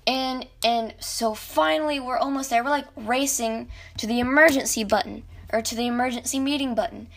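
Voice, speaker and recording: A young woman telling a rambling, animated story about a video game as a podcast host. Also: on the high side, moderate pace, creaky, few pauses. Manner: rambling, animated, self-interrupting. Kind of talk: casual storytelling.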